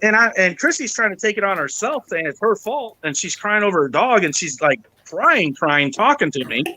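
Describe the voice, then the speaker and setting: A man hosting a podcast, telling a story in casual chat, animated, acting out the people he quotes and swearing freely. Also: sits high, normal speed, poor audio. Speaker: podcast host.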